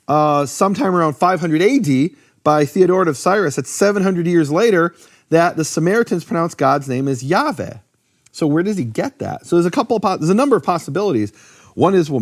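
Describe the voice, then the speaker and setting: A man teaching in casual talk, lively, with many fillers and restarts. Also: fairly high pitch. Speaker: Bible teacher.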